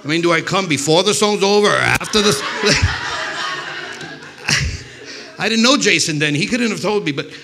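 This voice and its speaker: A man's voice: high-pitched, expressive, unhurried, long pauses, background noise. A man from New York doing stand-up, telling rambling, profane stories full of restarts. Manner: profane, rambling, self-interrupting. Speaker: stand-up comedian. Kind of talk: stand-up storytelling.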